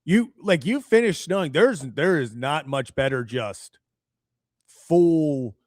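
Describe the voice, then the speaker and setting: A man's voice: on the high side, expressive, slow, no room sound, clean studio sound. A man in his twenties co-hosting a sports talk show, telling a story in easygoing casual chat. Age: 20s. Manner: easygoing, storytelling with many fillers.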